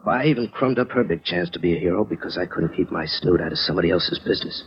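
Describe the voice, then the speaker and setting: An actor playing a blunt, streetwise working-class family man in 1940s radio-drama style, with a husky voice, on a lo-fi old broadcast. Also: low-pitched, slight background noise, close to an everyday voice. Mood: defiant. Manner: blunt, streetwise slang, quick to bristle.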